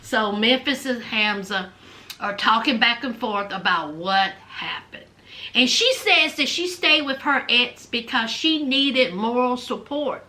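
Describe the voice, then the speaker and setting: A woman's voice: on the high side, animated, unhurried, pushed and bright. A woman chatting casually as she recaps a reality show in a sassy storytelling manner. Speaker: vlogger.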